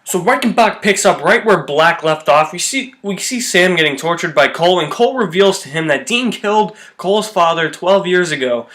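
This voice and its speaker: A man's voice: high voice, animated, normal speed, few pauses, fairly bright tone. A man giving a casual, chatty recap and review of a TV episode with loose, informal language.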